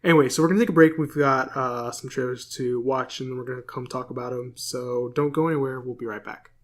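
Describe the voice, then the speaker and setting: A man's voice: mid-range voice, fairly even intonation, fast. Chatty man co-hosting a podcast. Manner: rambling, filler-heavy, self-correcting. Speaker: podcast co-host. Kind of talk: casual chat.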